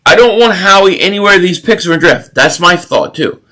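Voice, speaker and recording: A man's voice: high voice, normal speed. A man hosting a live stream watch party, chatting casually with viewers and ranting opinionatedly about football with frequent restarts. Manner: opinionated, animated sports rant with repeated restarts. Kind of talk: casual live stream chat, reading super chats.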